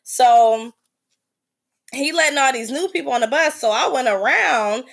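Blunt, animated woman telling a travel story. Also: high-pitched, a little slow, creaky, breathy edge. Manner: blunt, profane, animated retelling. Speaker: podcast host. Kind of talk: casual storytelling.

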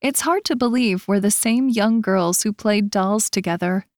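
A woman's voice: medium pitch, moderate pace, a little mellow, no echo, clean studio sound. A woman narrating a romance audiobook in first person, voicing the characters in turn.

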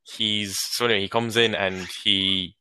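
A man's voice: fairly low pitch, fairly even intonation, unhurried, sharp tone, smooth, dry recording. A young man chatting casually as a podcast co-host, telling a rambling story with swearing and laughs. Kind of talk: casual chat.

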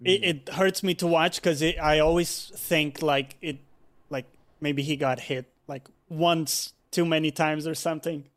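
A man joining a casual voice chat, speaking haltingly with many fillers as he works through his thoughts. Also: on the high side, fairly even intonation, a bit bright.

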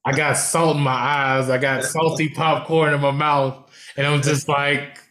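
A man's voice: fairly high pitch, little pitch movement, unhurried, fairly bright tone. A man hosting a podcast, talking in a blunt, slangy, emphatic way in casual conversation. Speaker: podcast host.

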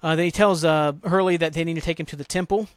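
A man with a somewhat high voice talks through a TV episode on his podcast in a loose, rambling way. He swears freely and grumbles about plot holes. The sound is dry and close. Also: fairly even intonation, quick pace, clean tone, dry recording. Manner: rambling, profane, exasperated griping. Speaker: podcast host. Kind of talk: casual TV episode recap.

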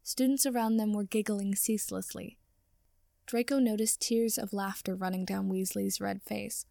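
A woman reading a story aloud as narrator, in a steady storytelling manner. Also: mid-range voice, moderate pace, creaky, no room sound, studio quality. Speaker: audiobook reader. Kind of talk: fan fiction reading.

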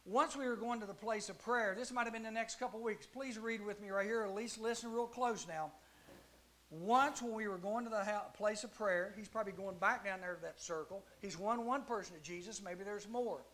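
Man teaching youth Bible class, bright, lively, acts out the voices. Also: high voice, normal speed. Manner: animated storytelling with acted-out voices.

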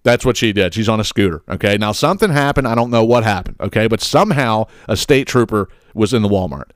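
A man's voice: lowish voice, quick pace, no echo, clean studio sound. A man hosting a podcast, ranting about viral clips in a sarcastic, blunt and profane way. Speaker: podcast host.

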